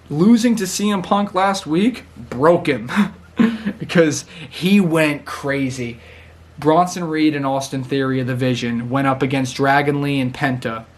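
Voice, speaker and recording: A man casually recapping a wrestling show, chatty and excitable, laughing often and acting out what people said. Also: mid-range voice.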